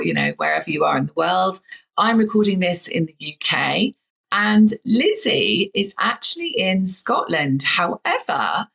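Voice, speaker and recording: Gravelly Southern English woman host. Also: mid-range voice, a bit bright, low-quality recording. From England. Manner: enthusiastic, lots of affirming "yeah". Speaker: podcast host. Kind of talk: casual interview chat. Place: home in the UK, remote call.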